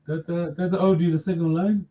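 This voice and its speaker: A man's voice: sits high, little pitch movement, brisk. A man teaching a live language lesson, patiently correcting his students' pronunciation with repeated prompts. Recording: dull lo-fi audio.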